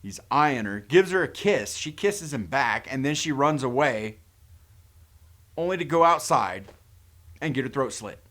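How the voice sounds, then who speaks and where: Retelling a horror film's plot in a casual recap with commentary, a male reviewer drops sarcastic, incredulous asides. His voice is mid-range and a bit bright, with lively intonation and a slightly slow pace.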